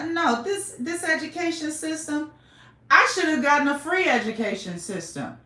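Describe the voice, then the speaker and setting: A woman's voice: mid-range voice, a bit bright. A woman from the United States hosting a podcast, delivering an impassioned monologue and repeating phrases for emphasis. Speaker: podcast host. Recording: roomy echo.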